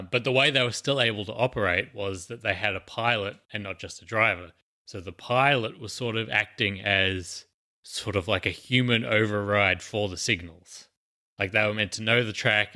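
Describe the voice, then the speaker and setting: A man's voice: deep voice, pushed and bright. A man co-hosting a podcast, explaining a news story in casual chat with many fillers and restarts. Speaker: podcast co-host.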